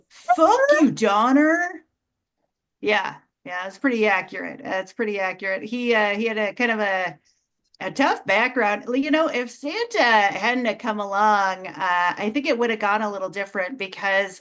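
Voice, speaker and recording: A woman hosting an online comedy show, doing a deadpan stand-up set full of fillers and restarts. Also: mid-range voice. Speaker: comedy host. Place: video call.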